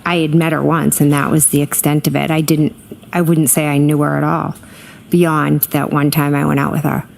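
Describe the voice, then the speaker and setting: A middle-aged woman testifying as a witness in court, hesitant and filling pauses with ums, answering briefly. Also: sits low, little pitch movement, vocal fry, darkish tone, a little hiss or hum. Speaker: trial witness.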